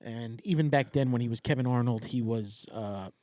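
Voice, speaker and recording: A man's voice: mid-range voice, normal speed, darkish tone, no echo, studio quality. A middle-aged man co-hosting a podcast, chatting casually and telling stories with a joking edge. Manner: jokey storyteller. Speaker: podcast co-host. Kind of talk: casual chat.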